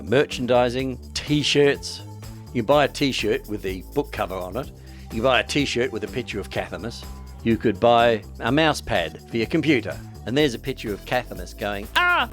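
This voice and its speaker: Male author, deep-ish voice, casual rambling vlog tone. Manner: rambling, self-deprecating, wry asides. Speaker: author promoting his book.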